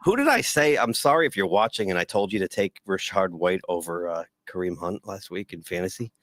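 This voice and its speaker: A lively man with a low voice tells stories as a podcast co-host in casual sports chat. He talks fairly quickly on a dry recording. He's an animated storyteller who acts out the quotes.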